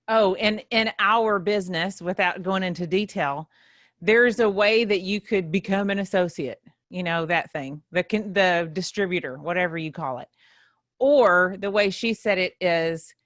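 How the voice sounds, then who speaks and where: A woman's voice: mid-range voice, a bit bright, dry recording. A woman, chatting casually as a guest in the host's chair in a podcast studio. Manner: chatty, laughing, self-conscious, Southern "y'all" talk. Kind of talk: casual chat.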